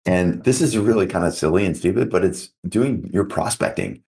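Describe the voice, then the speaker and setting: A middle-aged man with a very deep, gravelly voice talks through his own stories in a relaxed motivational chat. He rambles, with plenty of "like" and "you know" along the way. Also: normal speed. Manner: conversational storytelling with many fillers. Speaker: podcast host. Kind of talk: casual motivational talk.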